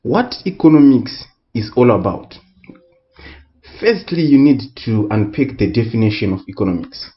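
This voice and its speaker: A man tutoring economics in a recorded lesson, speaking deliberately and repeating key words for emphasis. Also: mid-range voice, animated, lo-fi sound. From Southern Africa.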